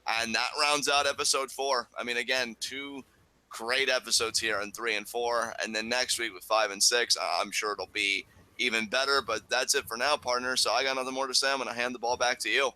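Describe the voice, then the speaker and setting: A man's voice: medium pitch, fairly even intonation, a little fast, pushed and bright. A man co-hosting a casual wrestling review chat, talking with enthusiasm. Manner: enthusiastic, acts out quoted lines in bursts. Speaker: co-host reviewing wrestling episodes.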